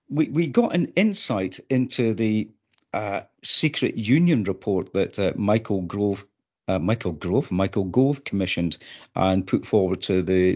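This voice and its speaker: Animated man in political talk. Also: medium pitch. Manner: animated, pausing with many fillers. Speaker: podcast co-host. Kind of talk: political discussion. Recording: dull lo-fi sound.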